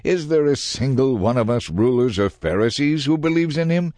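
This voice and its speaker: A man's voice: fairly low pitch, lively intonation, moderate pace, a little mellow, no room sound, voice pushed up, natural voice. A man doing sneering, mocking Pharisees. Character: scornful, mocking male Pharisees.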